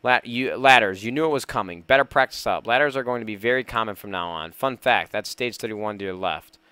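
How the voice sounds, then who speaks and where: Excitable man narrating his gameplay. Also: lowish voice, fairly quick, clear, resonant tone, no room sound. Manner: excitable, nervous, talks to himself and viewers. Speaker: gaming YouTuber. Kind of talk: let's play commentary.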